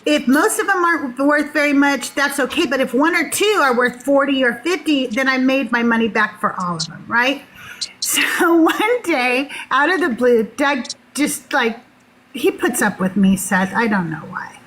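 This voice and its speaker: High-voiced woman telling a lively story. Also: normal speed, rough recording. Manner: animated, laughing often. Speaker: podcast guest. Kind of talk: casual storytelling.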